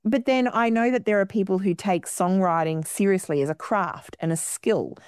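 A woman guest in an interview, explaining her ideas in long, flowing, expressive sentences. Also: mid-range voice, normal speed, smooth, no room sound, clean studio sound. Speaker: guest musician. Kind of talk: radio interview.

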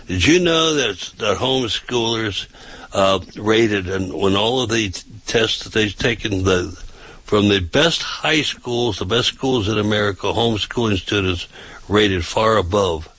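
Husky-voiced man hosting a chatty talk show. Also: on the low side, fairly bright tone, no room sound, low-quality recording. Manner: halting, with frequent uh fillers and restarts. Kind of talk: casual talk, reading news aloud with asides.

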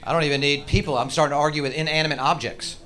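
A man doing a stand-up comedy routine on stage, ranting in a profane, exaggerated way with sudden shouted outbursts. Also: a little high, steady tone, very fast. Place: comedy stage before a live audience.

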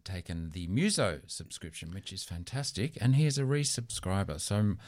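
A man's voice: sits low, expressive, moderate pace, darkish tone. A man co-presenting on community radio, thanking a caller in a friendly, upbeat way. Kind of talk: community radio fundraising chat. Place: radio studio.

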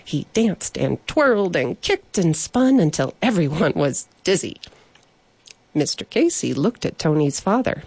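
A woman reads a children's story aloud in an unhurried, expressive way. Her pitch swings widely while sitting a little low. The sound is close and dry, with no room around it. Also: creaky, husky, no echo. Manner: slow, expressive reading with voiced characters.

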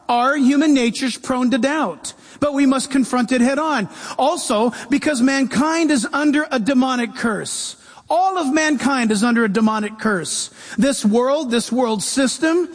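A pastor preaching a sermon, animated, swinging between loud and soft. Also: male voice, very high voice, long reverb tail.

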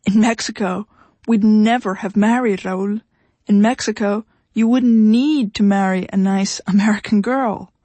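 A woman's voice: mid-range voice, steady tone, unhurried, dark tone, dry recording, natural voice. A woman voicing a blunt, fed-up young woman. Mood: exasperated. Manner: curt, exasperated, raised voice. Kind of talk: audiobook character reading.

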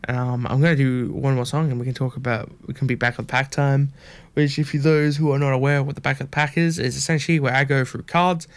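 A man's voice: medium pitch, dry recording. A man hosting a casual show, rambling with lots of fillers and unsure asides. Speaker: host.

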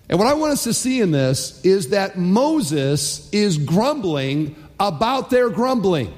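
A male pastor delivers a sermon in a high voice that leaps up and down with lively swings. He throws in rhetorical questions and acts out little quotes along the way. Long reverb from a large church hall hangs behind his words. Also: measured pace.

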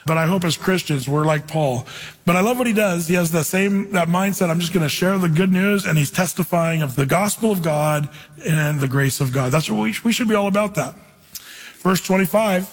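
Male pastor, higher register, husky, conversational storyteller; sermon recorded in a reverberant hall. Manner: conversational, storytelling, slows for scripture reading.

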